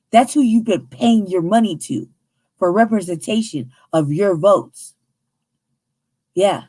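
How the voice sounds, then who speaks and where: An American woman hosting a news commentary show, talking in a heated, emphatic, profane way with a husky voice. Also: fairly low pitch, normal speed, mellow, dry recording. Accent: American English. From United States.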